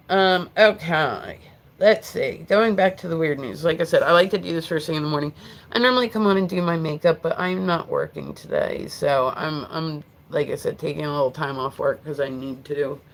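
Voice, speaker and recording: A streamer with a New Jersey accent talks loosely to a live audience from a home setup. The talk wanders, full of fillers and restarts, and breaks into easy laughs. The voice sits in an everyday middle register. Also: mid-range voice. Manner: rambling, filler-heavy, quick to laugh. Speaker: livestream host. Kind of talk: casual live-stream chat.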